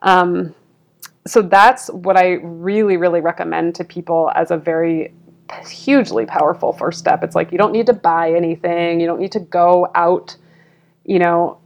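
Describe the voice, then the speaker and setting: A woman with a low, gravelly voice talks earnestly and reflectively. She speaks as an interview guest, pausing often with fillers as she thinks aloud. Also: fairly even intonation, a little mellow. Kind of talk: conversational interview.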